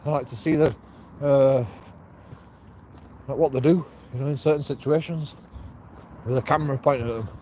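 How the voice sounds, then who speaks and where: A man's voice: mid-range voice, steady tone, normal speed, long pauses, mellow. A man rambling profanely to his camera outdoors, laughing to himself now and then, with traffic behind him. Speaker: street video blogger. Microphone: handheld camera. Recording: street ambience and traffic noise.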